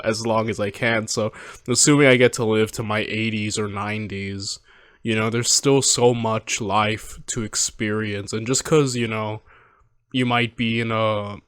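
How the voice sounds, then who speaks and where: A man in his twenties hosting a movie reaction, talking in a rambling, halting, heartfelt way from home. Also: fairly low pitch, a bit bright, clean tone, no echo, clean studio sound. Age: 20s. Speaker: reaction video host. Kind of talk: casual reflective commentary.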